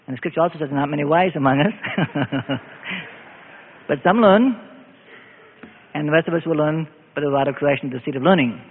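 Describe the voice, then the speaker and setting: An older man preaching a sermon as pastor, swinging from low, quiet asides up to loud, emphatic declarations. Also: normal speed, pauses often, slight background noise. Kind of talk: evening sermon. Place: church hall. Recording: echoey hall, thin phone-like sound.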